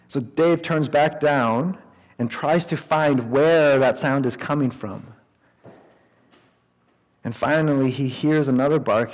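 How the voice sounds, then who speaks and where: A man's voice: mid-range voice, a little mellow. Male preacher in a reverberant hall. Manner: storytelling, conversational preaching. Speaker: pastor. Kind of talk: sermon.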